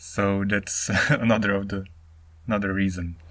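A man's voice: on the low side, normal speed, background noise. Rambling man from Czechia, solo podcast. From Czech Republic. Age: 30s. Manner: rambling, animated, acts out intonations. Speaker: podcast host.

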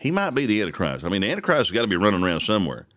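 A man's voice: fairly low pitch, wildly swooping pitch, racing, fairly bright tone. A man hosting a casual morning talk show, reading news items aloud and rambling through his own asides with the odd chuckle.

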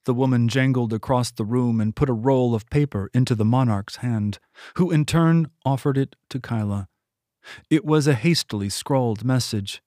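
A man reading his own novel aloud in steady audiobook narration. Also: mid-range voice, normal speed, dry recording, clean studio sound. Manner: steady, even storytelling.

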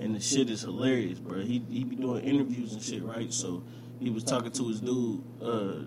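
A man in casual banter with a friend, animated and laughing, swearing freely. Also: medium pitch, moderate pace, noisy background.

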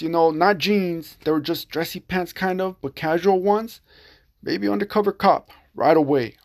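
Gravelly man telling a story casually. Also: fairly high pitch. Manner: rambling, many fillers, acts out quoted exchanges. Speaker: podcast storyteller. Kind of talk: casual first-person storytelling.

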